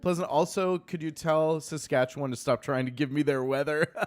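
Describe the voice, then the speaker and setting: A man's voice: on the high side, fairly quick. A man co-hosting a casual live-streamed morning show, joking and laughing often.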